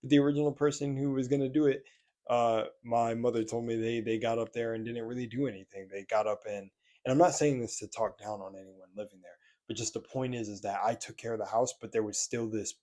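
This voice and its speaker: A man's voice: medium pitch, fairly even intonation, brisk, mellow. A young man with a slight lisp, talking candidly in a casual vlog from a room in his apartment, earnest, with some swearing and many restarts. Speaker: spiritual vlogger.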